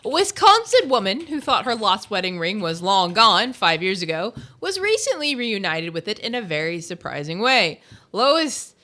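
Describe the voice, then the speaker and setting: A woman co-hosts a casual podcast, chatting and reading strange news stories aloud. She tells them in a giggly, animated way. Her voice is bright, and her pitch swings widely. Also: normal speed. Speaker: podcast co-host.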